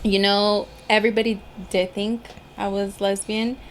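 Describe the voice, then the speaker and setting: A woman's voice: medium pitch, level tone, moderate pace. A young woman talking frankly as a podcast guest, blunt and swearing freely in casual chat.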